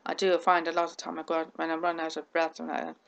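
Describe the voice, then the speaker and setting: A woman's voice: low-pitched, completely flat delivery, quick pace, vocal fry, highs cut off. A woman vlogger talking to camera with a stammer, repeating words, restarting sentences and running out of breath at the ends of sentences. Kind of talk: casual talk to camera.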